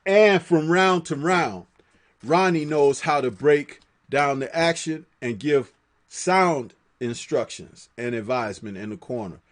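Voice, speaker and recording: A man hosting a live boxing talk stream, animated and profane, laughing often and reading viewer comments aloud. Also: fairly high pitch, unhurried.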